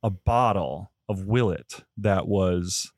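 A man in his late thirties rambles through a story in loose, casual podcast talk, full of fillers and curse words. His voice sits fairly low, and the sound is close and dry. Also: takes it slowly, a little mellow, no room sound. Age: 30s. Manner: rambling, swears often, many fillers. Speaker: podcast guest, wine seller.

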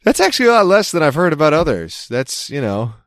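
A man's voice: fairly high pitch, huge pitch swings, quick pace, a bit bright, dry recording, studio quality. A young adult man, a podcast co-host, telling rambling stories and acting out the people he quotes in casual chat. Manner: rambling storyteller who acts out quoted voices.

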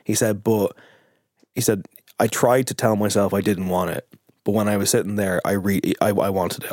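A young adult man with a fairly low voice, recorded close and dry, chats as a guest on a podcast. He tells stories with animation and openly admits to getting emotional. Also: steady tone, a little fast, darkish tone, no room sound. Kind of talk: casual podcast chat.

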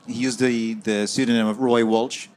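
A man's voice: mid-range voice, flat delivery, normal speed, a little mellow, a little hiss or hum. A man being interviewed as an author, recounting events in a fluent, conversational way with frequent fillers and restarts, recorded at a festival. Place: outdoor festival.

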